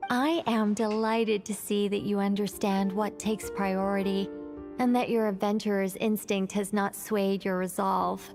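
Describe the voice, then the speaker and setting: A woman's voice: medium pitch, level tone, a little slow, darkish tone, close to an everyday voice. A woman as a poised, regal mage guide. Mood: measured. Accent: British speaker doing an American accent. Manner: poised, over-enunciated R sounds. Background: game music.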